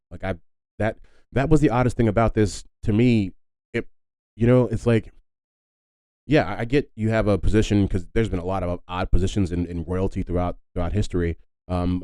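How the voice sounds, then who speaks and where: A man's voice: sits low, mellow, dry recording. A man hosting a casual solo history podcast, chatty and rambling with lots of fillers and asides. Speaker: podcast host.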